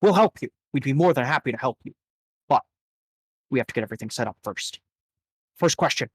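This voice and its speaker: A man voicing a calm gang boss who lays out a job in a measured, deliberate way during a tabletop game. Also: medium pitch, slightly rough, no echo. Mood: businesslike. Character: calm gang boss briefing a hired gun.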